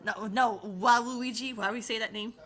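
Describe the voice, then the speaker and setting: Giggly high-voiced woman chatting. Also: fairly even intonation, normal speed, fairly bright tone. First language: English, with Spanish as a second language. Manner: giggly, lots of laughing and playful quoting. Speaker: host. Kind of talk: casual chat.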